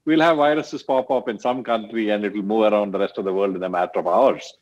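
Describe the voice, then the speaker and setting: A man's voice: on the low side, fast, a little mellow, highs cut off. A man moderating an online panel, speaking earnestly with frequent hesitations. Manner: earnest, with many fillers.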